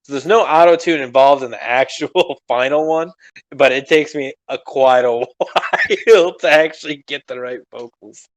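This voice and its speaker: A young man chats loosely on a podcast, rambling from one thought to the next and swearing as he goes. His voice sits in a middle pitch, a little strained from recent screaming, and he laughs often. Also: normal speed. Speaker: podcast co-host. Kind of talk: casual chat.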